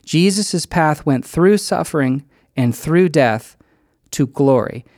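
A man preaching a sermon, telling a personal story with animated delivery and acting out quoted lines. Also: fairly high pitch, slow, dry recording, clean studio sound. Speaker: pastor.

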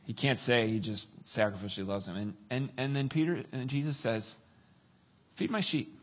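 A man preaching a sermon, telling a story with lively, acted-out dialogue. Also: mid-range voice, a little fast. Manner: animated storytelling, acts out voices. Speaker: pastor.

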